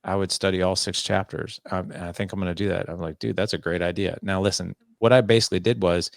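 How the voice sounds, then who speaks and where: A man in his forties with a low, gravelly voice, recorded close and dry with no room sound. He speaks as a podcast guest on fatherhood and brings his stories to life by playing out both voices in a conversation. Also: fast, no room sound. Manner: animated, acts out both sides of dialogues. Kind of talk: conversational interview storytelling.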